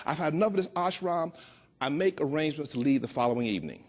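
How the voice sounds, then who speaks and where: A man in his sixties from Chicago, telling a personal story with a playful, expressive delivery that slows down for emphasis. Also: fairly high pitch. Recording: dull lo-fi recording.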